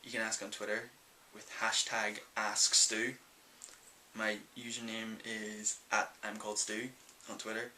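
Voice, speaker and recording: A young Northern Irish man chats through viewer questions in a loose, rambling way, with plenty of ums. His voice is low-pitched but very bright and forward. A faint hiss sits under the recording. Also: completely flat delivery, a little slow, low-quality recording. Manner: chatty and rambling, many ums. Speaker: vlogger. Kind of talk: casual Q&A vlog.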